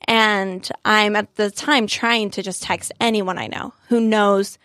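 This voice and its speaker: A woman's voice: medium pitch, fairly even intonation, slow pace, fairly bright tone, no echo, studio quality. A woman in her thirties telling a personal story in casual chat, earnest and emotional, acting out what people said. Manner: earnest, emotional retelling with quoted dialogue.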